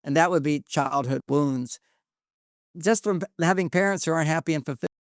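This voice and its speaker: An older man speaks as an interview guest, his voice sitting a little on the high side as he shares personal stories. His delivery is earnest and confiding, and he often circles back and restarts a thought. The sound is dry and close, with no room echo. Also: a little fast. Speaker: guest relationship expert. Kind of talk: reflective personal storytelling.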